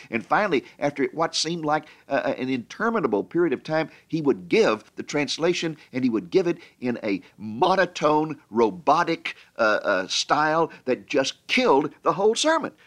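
A middle-aged man preaching a sermon and telling stories in an animated way, often stammering and repeating words. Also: medium pitch. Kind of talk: sermon storytelling.

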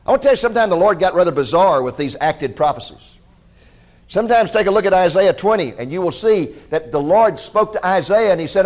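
Male preacher, higher-pitched, animated storyteller who dramatizes the quotes. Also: a little fast. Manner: directs listeners to scripture passages. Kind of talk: sermon.

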